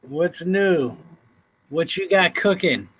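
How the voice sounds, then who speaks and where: A man's voice: sits high, lively intonation, slow pace, a bit bright, breathy edge, poor audio. A man hosting a casual livestream chat, laid-back and chuckling often as he greets viewers. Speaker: livestream host.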